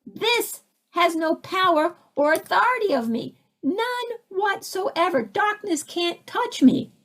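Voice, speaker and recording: A woman voicing a calm, commanding spiritual savior, a man who speaks in a high, chiding, declaring tone. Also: slow pace, full character voice.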